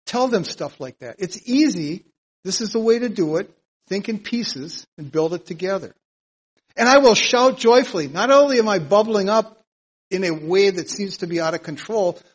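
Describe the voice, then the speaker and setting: A man teaching a psalm verse by verse in a sermon, earnest and plain-spoken, getting louder whenever he reads scripture aloud. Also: sits high, rough recording. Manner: emphatic, louder when reading scripture aloud. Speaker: Bible teacher.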